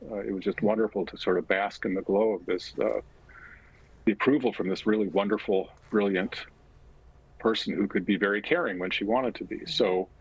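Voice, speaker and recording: A man talking as a guest in an interview, recounting a personal story in a halting, reflective way with frequent pauses. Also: on the low side, steady tone, breathy edge, muffled recording. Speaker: guest author.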